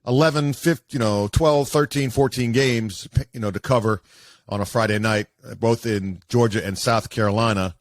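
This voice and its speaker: A man, a sportscaster, telling stories casually as an interview guest in an animated way with many fillers. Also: on the low side, moderate pace. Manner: animated, acts out quoted voices, many fillers.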